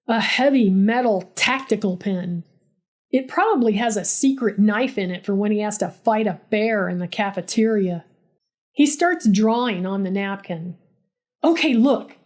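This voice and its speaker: A woman's voice: medium pitch, a little mellow. A woman who works as a nurse, narrating a first-person story in a dry, sarcastic, exasperated way.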